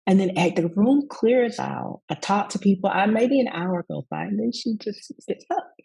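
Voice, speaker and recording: A woman's voice: medium pitch, lively intonation, normal speed, vocal fry, slightly rough, poor audio. A woman from the Southern United States, a rest coach and yoga teacher, telling a reflective story in a summit interview. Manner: warm, reflective storytelling with acted quotes.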